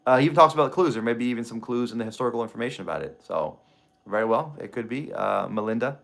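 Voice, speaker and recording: Man streaming, reading clues aloud, halting restarts, answers chat, mid pitch. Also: creaky. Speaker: treasure-hunt book streamer. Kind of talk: casual livestream chat reading a book aloud.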